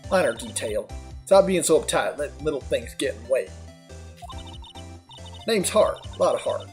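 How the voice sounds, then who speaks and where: Streamer doing a Southern accent, brash woman photographer, folksy whooping drawl, lively pitch, game character. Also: moderate pace, faint music behind, close to an everyday voice. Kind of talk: let's play character voice.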